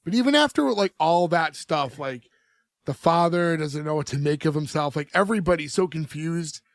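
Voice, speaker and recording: A man's voice: fairly high pitch, lively intonation, moderate pace, dry recording. A young man co-hosting a podcast, chatting casually and recapping scenes, acting out quotes with many "like" fillers. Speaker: podcast co-host. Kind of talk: casual chat.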